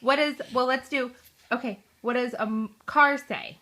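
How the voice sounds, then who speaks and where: A woman's voice: high-pitched, normal speed, bright, forceful tone. A mother in a home video, playfully and patiently asking her toddler what animals say.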